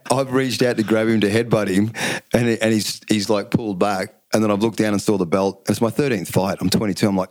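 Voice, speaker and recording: Deep-voiced man telling fight stories. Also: brisk, no room sound. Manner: animated storyteller, acts out quotes, laughs often. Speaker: guest, former kickboxing champion. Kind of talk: casual storytelling chat.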